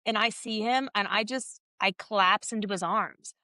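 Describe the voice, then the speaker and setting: On a podcast, a female guest tells a personal story candidly, sounding casual and animated as she reenacts conversations along the way. Her voice is medium-pitched, her pace moderate, and there's no echo.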